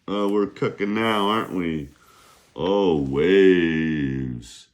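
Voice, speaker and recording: A man's voice: low voice, animated, slow pace. A man teaching a casual language lesson, upbeat and drilling words for repeating, his voice worn from a long day of recording. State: losing his voice. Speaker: Mandarin teacher. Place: beach, outdoors.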